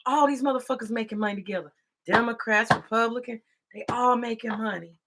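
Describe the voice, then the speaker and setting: A woman's voice: on the high side, steady tone, a little fast, fairly bright tone. A woman commentator ranting heatedly in a casual monologue, profane and scolding, repeating herself as she gets worked up. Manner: repetitive, scolding. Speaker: political commentator.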